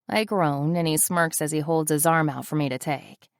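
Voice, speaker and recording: Wry low-voiced woman narrating. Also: moderate pace, no room sound, studio quality. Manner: wry, sardonic. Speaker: audiobook narrator. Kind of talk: first-person audiobook narration.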